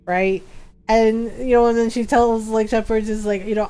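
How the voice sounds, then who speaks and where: A woman with a slightly high voice chats casually as she streams a game. She talks in an animated way, laughs often and slips into mimicking characters. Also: moderate pace. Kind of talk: casual chat while livestreaming a game.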